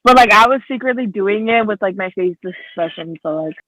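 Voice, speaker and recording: A man with a high voice rambles on a casual podcast and strings his thoughts together with fillers. The sound is close and dry. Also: expressive, a little fast, bright, forceful tone, no room sound, poor audio. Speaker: podcast co-host. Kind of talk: casual chat.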